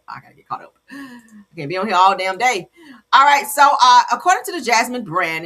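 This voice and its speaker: Woman host chatting gossip, bright voice, jumps all over pitch-wise, laughs a lot. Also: husky. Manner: animated, laughing, blunt and playful. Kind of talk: casual commentary on celebrity gossip.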